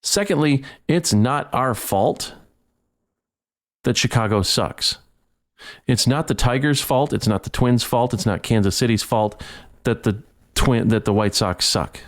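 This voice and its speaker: A man's voice: mid-range voice, a little slow. A man hosting a solo sports podcast, ranting heatedly and stumbling over repeated words. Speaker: podcast host.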